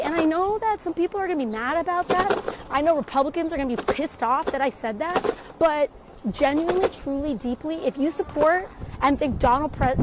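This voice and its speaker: A woman giving casual political commentary in an emphatic, insistent way. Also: sits high. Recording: noisy recording.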